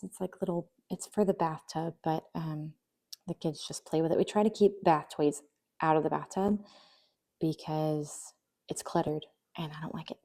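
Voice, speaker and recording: A young woman vlogger with a lowish voice and vocal fry chats casually in a voice-over while decluttering her kids' toys. Her words often fade into near-whispers.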